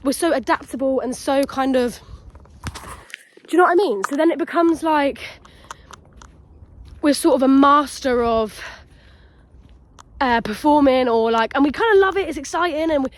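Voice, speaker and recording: A woman in her early twenties, talking in a rambling, excitable way as she chats to her phone while walking outdoors. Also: high-pitched, moderate pace, long pauses. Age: 20s. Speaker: podcast host. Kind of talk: casual chat vlog. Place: outdoors in a nature reserve.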